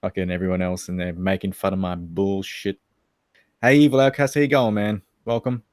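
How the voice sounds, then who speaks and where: A man's voice: sits low, steady tone, a little fast, darkish tone, no room sound, clean studio sound. A man with an Australian accent co-hosting a casual livestream chat, joking, laughing and crude. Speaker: livestream co-host.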